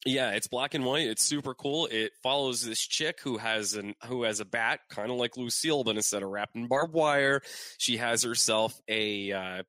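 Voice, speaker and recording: A man co-hosting a podcast in casual chat, animated and joking, and he swears freely. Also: mid-range voice, normal speed, no room sound. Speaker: podcast co-host.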